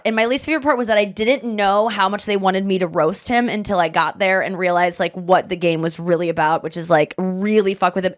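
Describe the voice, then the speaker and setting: Animated woman podcast host. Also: mid-range voice. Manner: animated, breaks into loud mock voices. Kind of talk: casual podcast chat.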